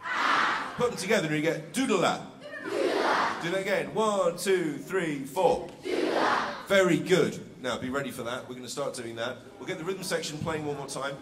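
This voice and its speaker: Energetic man leading a band workshop. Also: on the high side, a little fast, background noise. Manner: energetic, call-and-response chanting of scat syllables. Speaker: workshop leader. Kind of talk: leading a live music workshop. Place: school hall with live band and audience. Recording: echoey hall, mic far off, loud band and crowd.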